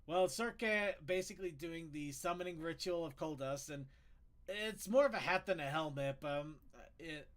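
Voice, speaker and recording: A man with a fairly high voice speaks at a normal pace as he hosts a casual online panel show. He rambles from segment to segment, laughs often, and keeps restarting his sentences.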